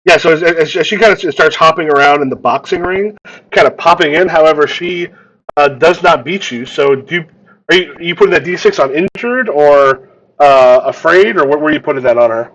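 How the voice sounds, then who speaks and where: A man's voice: fairly high pitch, a little fast, a bit bright, poor audio. A man narrating a tabletop role-playing game as game master, often repeating words as he describes the scene.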